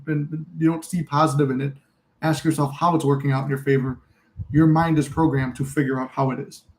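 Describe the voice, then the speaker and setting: A man with a medium-pitched voice hosts a casual livestream, talking candidly and rambling while cursing freely. He reads out viewer comments and answers them, and the recording is low quality with slight background noise.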